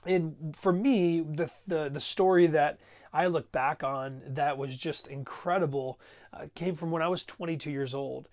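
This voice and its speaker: A man's voice: on the high side, measured pace, a little mellow. A man in his thirties preaching a sermon, telling a story in a conversational way and checking in with the congregation. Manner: conversational, checks in with "right?" and "okay?". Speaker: pastor.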